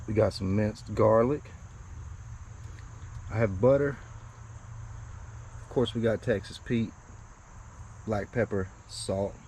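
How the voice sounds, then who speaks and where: Laid-back low-voiced man at camp. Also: steady tone, measured pace, darkish tone, a little hiss or hum. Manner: laid-back, folksy, talks to camera. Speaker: bushcraft channel host. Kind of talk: casual outdoor cooking vlog. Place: outdoors at a woodland camp.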